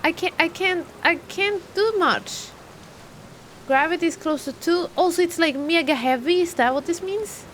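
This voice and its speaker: A young woman with an extremely high, fairly bright voice streams a game live at a moderate pace, chatting and thinking aloud as she talks to her chat. It's live gameplay commentary, with slight background noise.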